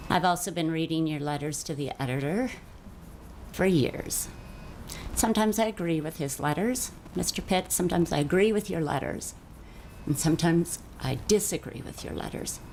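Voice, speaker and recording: A woman city councillor giving an earnest speech at a council meeting, halting often with fillers. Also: low-pitched, a little mellow, a little hiss or hum.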